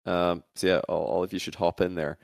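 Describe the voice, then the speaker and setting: A man's voice: low voice, steady tone, fairly quick, vocal fry, no echo, clean studio sound. A man hosting a casual podcast, reading out listener questions in an easygoing, teasing way.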